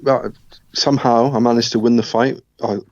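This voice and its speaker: A middle-aged man telling his life story as an interview guest, reflective, with soft laughs. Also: mid-range voice, level tone, moderate pace, no room sound. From Scotland, raised partly in South Africa and England. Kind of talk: personal testimony in an interview. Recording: dull, lo-fi sound.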